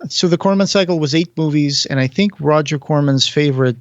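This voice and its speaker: A man's voice: a little high, brisk, no echo, dull audio. A man co-hosting a podcast, giving a casual, joking commentary on a film as it plays. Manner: chatty, joking, reads quotes in an announcer voice. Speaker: podcast co-host.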